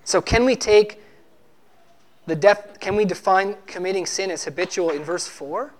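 A man's voice: high voice, moderate pace. A man preaching a sermon, arguing emphatically and teaching with rhetorical questions.

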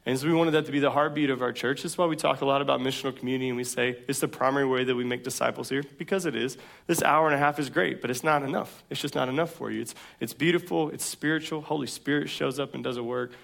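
A man's voice: medium pitch, fairly even intonation, fast talker, gravelly, hardly any pauses, a bit bright. A man preaching a sermon as pastor, in a casual, conversational way from a church stage.

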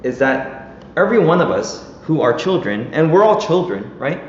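A man's voice: fairly high pitch, very animated, moderate pace. A man in his thirties or forties preaching a casual, conversational sermon, often checking in with "right?". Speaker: pastor. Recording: echoey hall, dull, faint noise.

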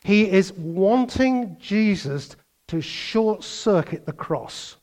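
An older man preaches an energetic sermon, mimicking other voices and swinging between loud bursts and quiet asides. His voice is high-pitched and his pace slow.

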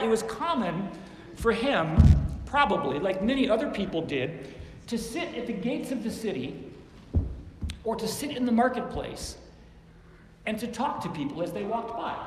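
Guy giving a chatty sermon, kinda high voice, big echoey hall w/ faint hum behind. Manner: conversational, acts out quoted lines in different tones. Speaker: preacher.

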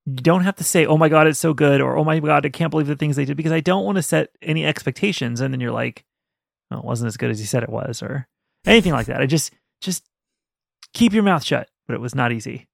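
Gravelly-voiced man, chatty podcast co-host. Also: a little high, quick pace, dry recording, clean studio sound. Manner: animated, rambling, laughs often. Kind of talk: casual book-review chat.

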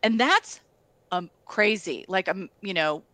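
Woman, casual conversation, candid, animated storytelling, middle pitch, dry close sound. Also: takes it slowly, no echo.

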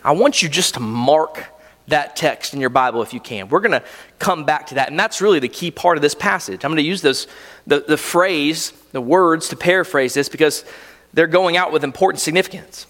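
A man's voice: fairly high pitch, fairly quick, a bit bright, long reverb tail. A man preaching a sermon as a pastor, telling the story vividly and with animation.

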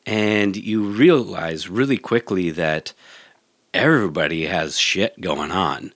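Man, low pitch, earnest, reflective, restarts sentences, dry close sound. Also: slow pace, a bit bright, dry recording. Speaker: guest, yoga teacher. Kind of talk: casual podcast chat.

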